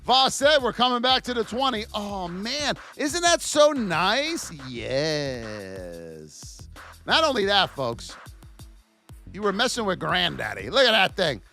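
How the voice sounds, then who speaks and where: Guy doing a live stock stream, really high bright voice, yells out chat names, goofy and loud. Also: very animated, slow, creaky, faint music behind. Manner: loud, joking, greets chat viewers by name. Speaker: trading educator and livestream host. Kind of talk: energetic live market commentary.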